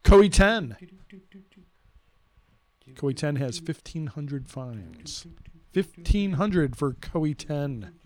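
A man's voice: a little high, lively intonation, a little mellow. A man hosting a podcast, chatting casually and announcing listener milestones with emphasis. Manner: upbeat, emphatic announcing with drawn-out numbers. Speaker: podcast host.

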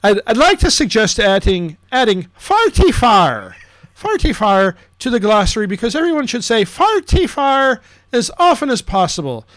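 A silly man with a put-on Irish brogue, as a podcast host hams it up. The voice sits very high and swoops about in a goofy sing-song. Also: sing-song, normal speed, fairly bright tone, no echo, exaggerated voice. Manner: goofy, sing-song, pitch leaping upward. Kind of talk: podcast banter.

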